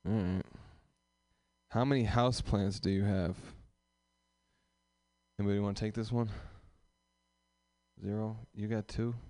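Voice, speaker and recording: Here a lowish, warm male voice hosts a comedy open mic, bantering with the crowd in a small live room in a profane, teasing, rambling way. He takes his time, leaving long pauses, and his intonation stays fairly even. The sound is clean, studio-like and free of room echo.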